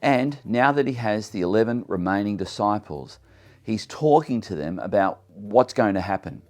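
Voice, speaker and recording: A man with a very low, deep voice leads a Bible study. He is earnest and emphatic, reading passages aloud and then unpacking them in his own words, and he sometimes stumbles and restarts as he presses a point. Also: expressive, normal speed, darkish tone. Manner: earnest, reads scripture aloud then explains it. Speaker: Bible teacher.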